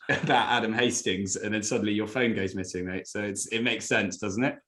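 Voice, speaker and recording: A man's voice: lowish voice, steady tone, normal speed, sharp tone. A man hosting a podcast, steering the chat and dryly teasing his co-hosts. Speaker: podcast host. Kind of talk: casual chat, steering topics.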